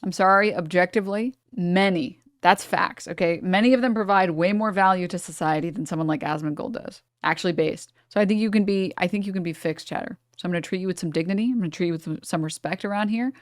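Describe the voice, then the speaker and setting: A woman's voice: on the low side, fast talker, few pauses, no room sound, studio quality. A woman streamer giving casual, blunt commentary to her chat while reacting to a video, swearing freely.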